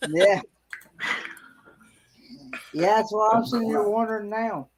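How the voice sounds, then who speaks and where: A man's voice: high voice, unhurried, a crowd in the background. A man chiming in to a casual chat with short, hesitant remarks.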